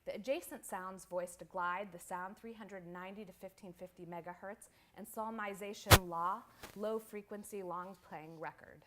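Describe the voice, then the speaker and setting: A woman poet giving a live poetry reading in a small venue, reciting in a measured, incantatory, list-like way. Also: on the low side, fairly even intonation, background noise.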